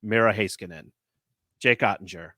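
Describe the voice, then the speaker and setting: A man hosting a casual sports podcast, talking in an animated, rambling way with lots of filler words. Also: fairly low pitch, normal speed, no echo, clean studio sound. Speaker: podcast host.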